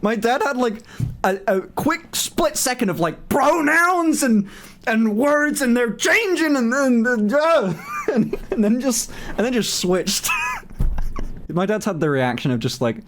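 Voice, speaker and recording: A man's voice: extremely high pitch, sing-song, measured pace, a bit bright. A man in his twenties chatting casually on a livestream, answering viewer questions candidly, swearing freely and laughing often. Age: 20s. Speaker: streamer.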